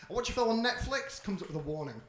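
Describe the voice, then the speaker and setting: A man's voice: high-pitched, quick pace. A man doing a stand-up comedy routine on a club stage, brash and swearing as he tells his stories. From Britain. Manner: brash, swearing, animated storytelling. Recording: roomy club echo.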